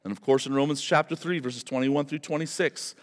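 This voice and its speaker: A man with a high voice preaches a sermon, dropping to quiet asides and then rising to loud, emphatic declarations. His words carry a long reverb, as if spoken in a large church hall. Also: steady tone, fairly quick. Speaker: pastor.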